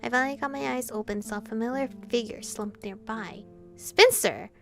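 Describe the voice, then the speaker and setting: A woman streamer reading a visual novel aloud, animated and reactive, breaking off to comment on the story. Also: a little high, normal speed, vocal fry, faint music behind. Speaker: gaming streamer.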